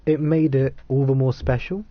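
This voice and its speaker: A man's voice: medium pitch, level tone, normal speed, a little hiss or hum. A young man hosting a casual gaming session, swearing and laughing as he plays and reads game text aloud. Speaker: gamer hosting a let's play. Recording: muffled lo-fi audio.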